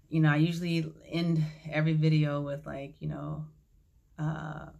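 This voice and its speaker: A woman vlogger casually telling a personal story to her viewers, acting out the dialogue in a calm, reflective way. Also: sits low, vocal fry.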